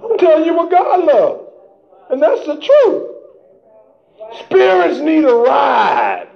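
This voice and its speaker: A man with a strikingly high voice preaches a sermon, fervent and colloquial, firing rhetorical questions at the congregation. The recording is dull and lo-fi. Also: wildly swooping pitch, takes it slowly, vocal fry.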